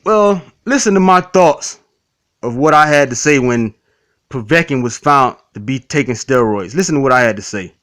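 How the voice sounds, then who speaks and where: Bright-voiced man ranting bluntly. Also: mid-range voice, lively intonation, moderate pace. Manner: blunt, repetitive, profane, addresses critics directly. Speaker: YouTube commentator. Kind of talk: casual response video.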